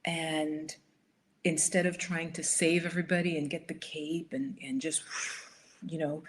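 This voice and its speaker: A woman's voice: low voice, slight background noise. A woman hosting a casual live stream, chatting and answering viewer comments, sometimes dropping to a near whisper. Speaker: live stream host and lifestyle coach.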